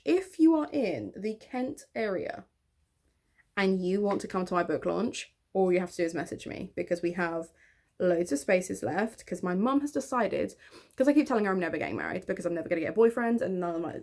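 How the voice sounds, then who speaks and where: A woman in her twenties chatting in a get-ready-with-me vlog, self-mocking and quick to laugh, talking to the camera at home. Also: medium pitch, vocal fry, darkish tone. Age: 20s. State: hair still wet. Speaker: vlogger and author.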